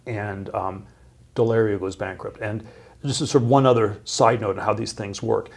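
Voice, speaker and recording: A middle-aged man telling a long story as an interview guest, halting, with many fillers and restarts. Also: on the low side, fairly even intonation, creaky.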